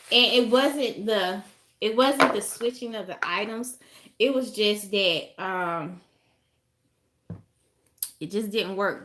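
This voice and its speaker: Southern woman vlogger, slow dramatic storyteller, kitchen with dishes and utensils clinking. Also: fairly high pitch. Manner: animated, drawn-out storytelling with many "honey" and "y'all". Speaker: home baker vlogger. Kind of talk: casual chat to camera. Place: home kitchen. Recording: noisy kitchen with clattering dishes.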